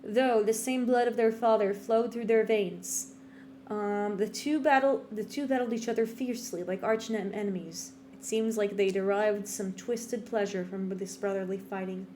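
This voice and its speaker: A woman voicing a brooding young female demon hunter, telling an old legend in a hushed, solemn dramatic monologue. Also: medium pitch, steady tone, normal speed, a little hiss or hum, lightly acted. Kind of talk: voice acting a game monologue.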